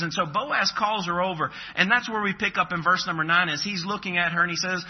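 Preacher guy, high husky voice, earnest and animated sermon, muffled old recording. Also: quick pace, hardly any pauses. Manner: earnest, animated, acts out scripture characters.

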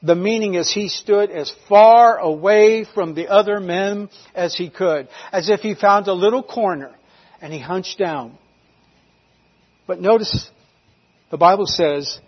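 Husky-voiced preacher. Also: male voice, high-pitched, measured pace, big-room sound. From North Carolina, US. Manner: emphatic, swings between loud declarations and hushed lines. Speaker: pastor. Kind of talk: sermon. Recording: slightly dull lo-fi recording.

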